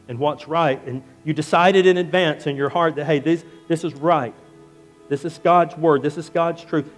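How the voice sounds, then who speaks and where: A male pastor preaching a sermon emphatically, repeating phrases and dropping low and quiet on key words.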